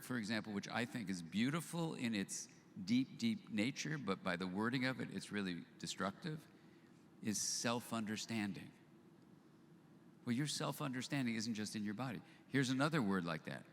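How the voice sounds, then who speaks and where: An older man giving a live storytelling talk to an audience, animated as he acts out both sides of remembered conversations. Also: mid-range voice, moderate pace, a little hiss or hum. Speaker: speaker at a live book launch event. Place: event venue with audience. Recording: long hall reverb, faint ambience.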